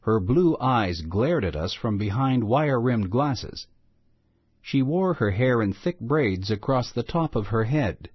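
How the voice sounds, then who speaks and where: A man reading a children's storybook aloud in a slow, expressive storytelling manner. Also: medium pitch, breathy edge, no room sound. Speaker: storybook reader. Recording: muffled lo-fi recording.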